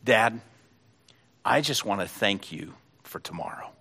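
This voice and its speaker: A man voicing an excited little boy who is too eager to sleep before a picnic, in a sermon story. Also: fairly low pitch, unhurried, slightly rough, exaggerated voice. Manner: eager, pleading.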